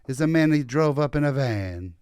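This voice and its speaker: A man's voice: mid-range voice, expressive, darkish tone, smooth, dry recording, lightly acted. A man putting on a mock Italian accent, voicing a sad middle-aged Italian man who halts and fills with uh. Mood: mournful. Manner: halting, full of uh fillers, dropped articles. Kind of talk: comedic improvised storytelling.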